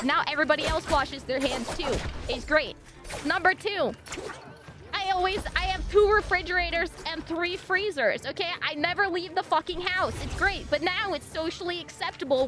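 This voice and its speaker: A woman streamer chatting casually and animatedly, laughing often and swearing freely. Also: sits high.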